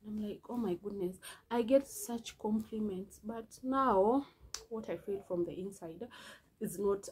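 A woman's voice: medium pitch, darkish tone, a little hiss or hum, poor audio. A woman in her early twenties talking earnestly in a casual vlog, often repeating herself for emphasis. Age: early 20s. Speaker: vlogger. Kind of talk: casual personal vlog talk.

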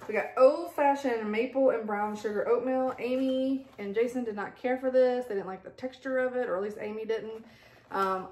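Here a woman's mid-range voice carries a roomy sound. She's a home vlogger chatting casually through an unboxing at the kitchen table among her pets, rambling along with lots of asides and laughs.

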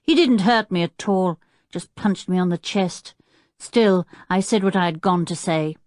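A woman voicing a stubborn, quick-tempered boy who talks insistently and indignantly in an audiobook. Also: fairly low pitch, a little mellow, dry recording, studio quality, pitched above the performer's own voice, lightly acted.

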